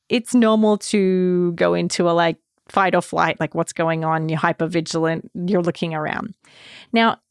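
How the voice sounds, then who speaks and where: A woman hosting a podcast, telling a personal story in a casual, animated way and acting out her own reactions with big jumps in pitch. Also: vocal fry, no room sound, studio quality. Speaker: podcast host. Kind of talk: casual solo podcast talk.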